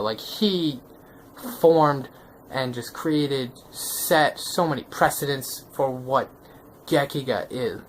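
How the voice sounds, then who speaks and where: A man reviewing manga in a casual vlog, excitable and slangy, often checking in with the viewer. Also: mid-range voice, a little hiss or hum. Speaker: manga vlogger.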